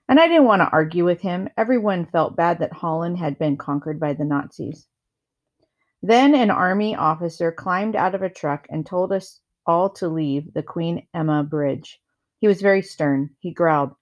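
Woman reader, lowish voice, calm and measured, reading a novel aloud. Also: highs cut off.

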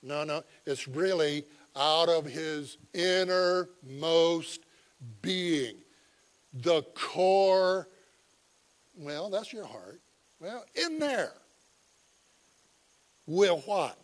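A man delivers a sermon at an unhurried pace in a slightly high voice. He is folksy and chuckling, with plenty of halting fillers. Then he swells into loud, animated storytelling. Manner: animated storytelling, swings from quiet asides to loud emphatic cries. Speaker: preacher. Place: visiting church.

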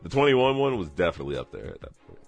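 Low, bright-toned man, very lively pitch. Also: very fast, vocal fry, soft background music. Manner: laid-back, pushes back with slang. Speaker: podcast co-host. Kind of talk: casual podcast chat.

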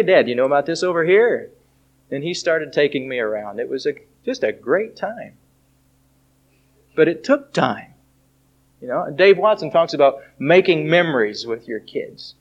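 A middle-aged man preaching a sermon, telling stories about his family and reciting song lyrics in an earnest, slow manner. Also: a little high, animated. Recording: dull lo-fi recording.

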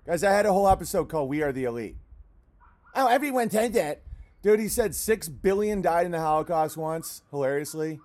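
A man hosting a livestream, rambling in a casual, profane rant and now and then breaking off to yell at barking dogs. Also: fairly high pitch, animated, brisk. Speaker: livestream host.

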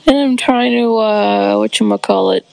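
A woman's voice: medium pitch, gravelly, a little mellow, no echo. A woman in a goofy, playful voice message who stretches out her words as she tries to get a laugh.

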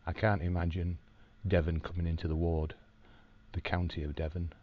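A man recording a personal video diary from his hospital room, telling a story calmly with dry, wry humour. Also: sits low, normal speed, dull audio. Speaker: video diarist in hospital recovery.

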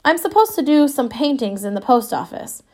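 A woman's voice: sits high, lively intonation, moderate pace, a little mellow, pitched above the performer's own voice. Woman doing a tired little traveling artist. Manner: tired, wary, a bit plaintive. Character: tired, travel-worn little man, a New York artist.

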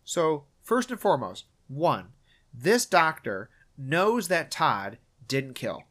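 A man hosting a podcast, recapping a film in casual chat with a wry, profane manner and quick acted-out quotes. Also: on the high side, big pitch swings, fairly bright tone. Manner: wry, swears, acts out quoted lines. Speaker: podcast host.

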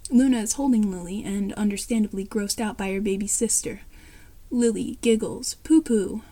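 A woman reading a fan story aloud, saying speaker names and stage directions out loud. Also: mid-range voice, normal speed, no echo. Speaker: story reader.

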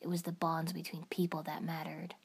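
A woman doing a rasping, hushed solemn boy. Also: low voice, completely flat delivery, a little fast. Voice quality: raspy, hushed near-whisper. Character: quiet rasping teenage boy, grave and solemn. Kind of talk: fan fiction audiobook reading.

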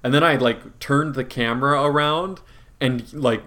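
A man's voice: mid-range voice, unhurried, bright, forceful tone. A young man on a podcast, chatting casually and laughing as he tells a story about a video game. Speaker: podcast co-host. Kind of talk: casual chat.

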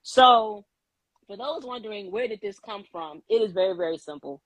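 A woman's voice: mid-range voice, expressive, moderate pace, no echo, poor audio. A woman hosting a live podcast, chatty and outspoken, laughing often as she talks. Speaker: podcast host.

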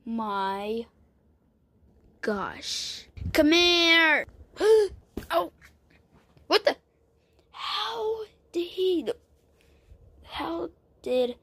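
A woman's voice: sits high, a bit bright. A woman acting out a homemade toy story, playful and full of exclamations and silly character voices.

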